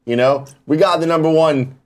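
A man's voice: a little high, normal speed. A man co-hosting a casual gaming talk show, skeptical and sarcastic, swearing freely as he riffs. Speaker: podcast co-host. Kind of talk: casual chat.

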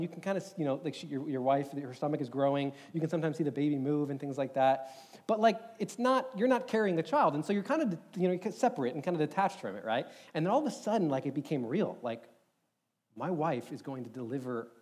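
A young man telling a personal story in a sermon, animated and rambling, with many filler words. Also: on the high side. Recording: long hall reverb.

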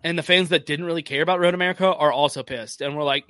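Ranting man, bright dry voice. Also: on the high side, steady tone, fast, no room sound. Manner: blunt, ranting, swears. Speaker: podcast co-host. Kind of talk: casual profane chat.

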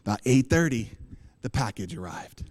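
A man preaching a sermon as pastor, impassioned, swinging from loud bursts to low asides and asking the congregation questions. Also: lively intonation, normal speed, big-room sound.

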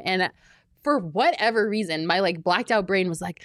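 Young woman co-host, easy casual chat, giggles a lot, dry close sound. Mid-pitched, no room echo. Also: fairly quick. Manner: giggly, chatty, laughs often. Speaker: sports show co-host.

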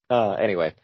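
A man's voice: on the low side, husky, dry recording. A man co-hosting a podcast, casually recapping wrestling with jokey asides and frequent laughs. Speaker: podcast co-host. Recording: dull lo-fi sound.

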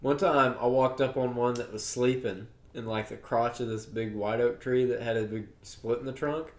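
A man's voice: medium pitch, steady tone, normal speed, reverberant. A young man co-hosting a hunting podcast, telling stories in an easygoing, matter-of-fact way. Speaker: podcast co-host. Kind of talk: casual chat.

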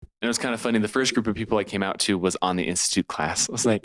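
Earnest young man with a deep voice. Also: very fast, fairly bright tone, dry recording. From California, USA. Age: 20s. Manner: earnest and heartfelt, laughs at himself. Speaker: podcast guest. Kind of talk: personal storytelling.

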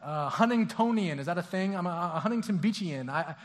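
Animated high-voiced young pastor. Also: male voice, brisk. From Southern California. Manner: casual, animated, acts out voices, stammering restarts. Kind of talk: sermon.

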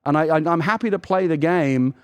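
Fast-talking animated man telling game stories. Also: fairly high pitch, clear, resonant tone. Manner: animated storytelling, swearing, acting out game lines. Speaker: podcast co-host. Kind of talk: casual chat.

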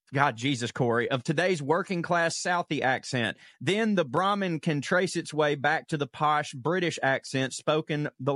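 A man's voice: fairly high pitch, fairly bright tone, no room sound. Profane man reading listener mail. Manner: loose, profane, laughs while reading. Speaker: podcast co-host.

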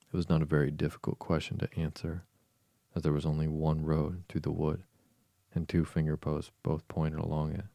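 A man narrating a storybook in a steady, even storytelling manner. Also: very deep voice, normal speed, creaky, no echo. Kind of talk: storybook reading.

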